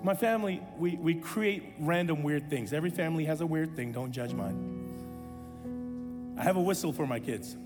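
A man in his thirties, a pastor, preaching a sermon and telling a personal story with animated self-deprecating humor. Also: on the high side, normal speed, long reverb tail, loud music behind the voice.

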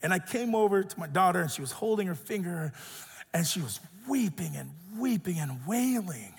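A high, husky male voice preaching with wide swings in pitch, lively and expressive as he acts out each voice in his story. The sound carries a long reverb, as from a large church sanctuary. He sounds like a pastor in his thirties. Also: normal speed. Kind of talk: sermon with personal storytelling.

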